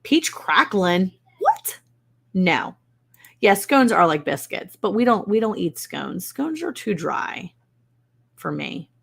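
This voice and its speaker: A woman's voice: fairly low pitch, sing-song, takes it slowly, creaky, husky. A woman hosting a casual live stream from home, chatting wryly and mocking herself as she answers viewers' comments. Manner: chatty, wry, self-mocking. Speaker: host of a live ranch stream. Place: indoors at home.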